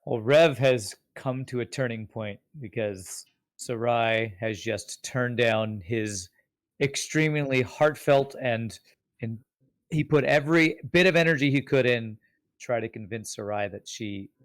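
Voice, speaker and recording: Brief: male player, mid pitch, thoughtful casual talk, recorded dry. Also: a little slow, no echo. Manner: thoughtful, explaining his character's choices. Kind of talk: casual tabletop game chat.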